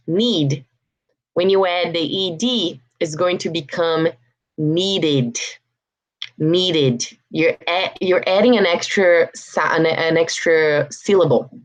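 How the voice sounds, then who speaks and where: A young woman with a Brazilian Portuguese accent teaches English pronunciation at an unhurried pace. Her voice sits a little low, and she patiently repeats each word so learners can copy it. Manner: patient, repeats words slowly for practice. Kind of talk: online pronunciation lesson.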